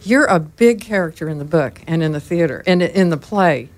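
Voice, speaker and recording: Woman radio host, chatty and playful, quick to laugh. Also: lowish voice, animated. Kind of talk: radio interview.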